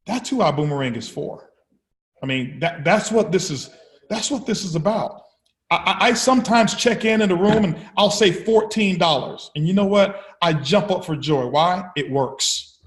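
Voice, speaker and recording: A man speaking to his business partners as company founder, telling energetic motivational stories, often repeating words and acting out conversations. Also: sits high, moderate pace, echoey room. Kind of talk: motivational storytelling speech.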